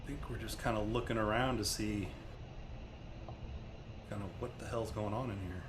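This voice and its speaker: A man speaking casually as a player in a tabletop game, often repeating himself as he thinks aloud. His voice sits low, and there is clear noise behind him. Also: steady tone, moderate pace. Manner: casual, hesitant, repeats words.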